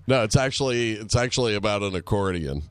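A man's voice: lowish voice, expressive, fast, clear, resonant tone, dry recording, studio quality. A man co-hosting a casual chat, rambling with restarts and casual swearing.

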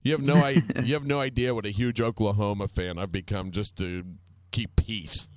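A man's voice: fairly low pitch, fairly even intonation, moderate pace, no room sound. A man telling a long, rambling anecdote in casual chat, wry and full of swearing.

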